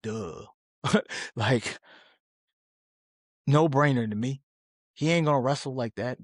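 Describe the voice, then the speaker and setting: A middle-aged man hosts a casual podcast, rambling through his opinions with animated conviction. His voice is husky and slightly rough, sitting at an ordinary pitch. The sound is dry and close, with no room around it. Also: slow, dry recording. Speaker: podcast host. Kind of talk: casual sports commentary.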